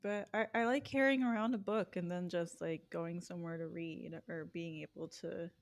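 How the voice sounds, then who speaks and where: A woman's voice: on the low side, steady tone, normal speed. Giggly self-deprecating woman podcaster. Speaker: podcast co-host. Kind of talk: casual chat.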